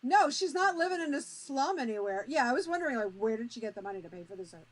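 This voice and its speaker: Fast-talking woman co-host. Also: high voice, big pitch swings. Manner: quick, conversational, chimes in with agreement. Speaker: podcast co-host. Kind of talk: casual chat.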